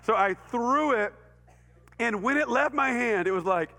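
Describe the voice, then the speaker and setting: Animated storytelling preacher with a Texan drawl. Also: male voice, extremely high pitch, unhurried. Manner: animated, acts out voices and sound effects, laughs often. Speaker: pastor. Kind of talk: storytelling sermon. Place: church hall. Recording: reverberant church hall.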